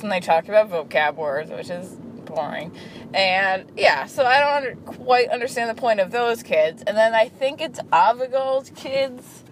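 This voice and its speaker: A woman's voice: mid-range voice, slight background noise. Chatty woman, full of "like"s. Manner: chatty, peppered with "like", frequent restarts. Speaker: vlogger. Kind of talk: casual chat.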